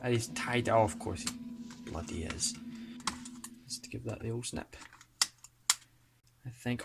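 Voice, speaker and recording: Slow-talking excitable man. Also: medium pitch, creaky. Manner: excitable, chatty, self-mocking asides. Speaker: toy collector vlogger. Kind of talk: casual unboxing commentary. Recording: music playing underneath. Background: background music.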